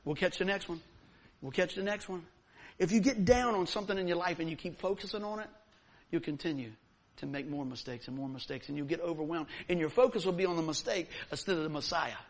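A man preaching a sermon, telling a story with lively, acted-out moments. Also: fairly high pitch, quick pace. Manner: animated storyteller, acts out scenes. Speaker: pastor.

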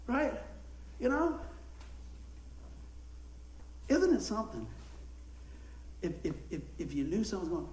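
A man preaching with a strikingly high voice, spinning folksy stories and slipping into the voices of the people in them. He sounds like he's in an echoey room with a faint hiss of noise behind him. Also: normal speed, pauses often. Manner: folksy, animated storytelling with acted-out quotes and laughter. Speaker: pastor. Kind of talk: storytelling sermon.

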